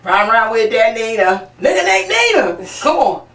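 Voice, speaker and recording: A woman hosting a casual panel talk show, loud, brash and profane, laughing often. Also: a little high, very animated, normal speed. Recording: echoey room, mic far off.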